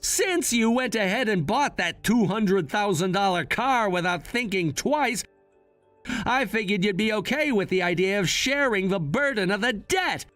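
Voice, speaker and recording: A man acts out a firm young adult son who lays out his case coolly. His voice is high for a man and swings up and down a lot. It sounds dry and close, with faint music behind. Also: lively intonation, unhurried, a bit bright, no echo. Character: cold, unbending adult son. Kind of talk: scripted drama voice-over.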